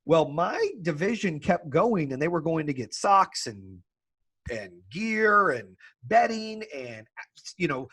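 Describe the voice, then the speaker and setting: A man hosting a podcast, telling a story in a casual, animated way, swearing freely and laughing as he talks. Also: fairly high pitch, slow, slightly rough. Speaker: podcast host.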